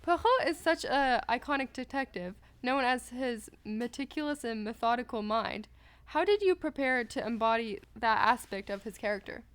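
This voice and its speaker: A woman's voice: a little high, animated, moderate pace, a little hiss or hum. A teenage girl co-hosting a school podcast, enthusiastic, with sentences that trail off into fillers. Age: teens. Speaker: podcast co-host. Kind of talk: casual chat on a school podcast.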